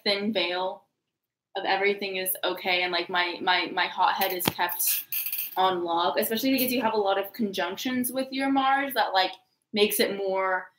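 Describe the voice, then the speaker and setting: A woman in a casual astrology chat, relaxed and thinking aloud with many fillers. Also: mid-range voice, slight background noise. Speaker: astrology reader. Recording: roomy echo.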